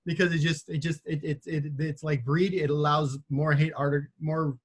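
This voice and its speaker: A man's voice: fairly high pitch, flat delivery, normal speed, slightly rough. A man hosting a casual podcast, joking dryly and often stumbling over his words as he riffs. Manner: wry, stammers and restarts when riffing. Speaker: podcast host.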